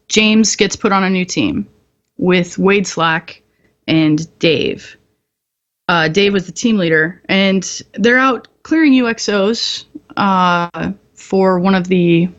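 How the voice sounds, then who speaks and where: Fairly low in pitch and heard through a muffled recording, this woman is a military veteran appearing as a podcast guest. She tells casual stories candidly, swearing freely and laughing a lot.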